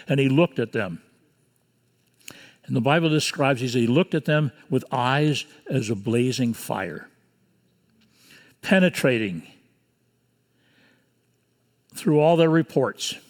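Older man preaching in a reverberant church. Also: medium pitch. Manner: earnest, measured preaching with pauses. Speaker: pastor. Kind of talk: sermon. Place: church sanctuary.

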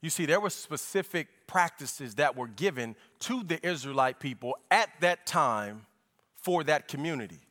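A man's voice: fairly high pitch, expressive, normal speed, bright, forceful tone. A pastor preaching a sermon to his church, speaking folksy and direct to the congregation, at times lifting into sung tones.

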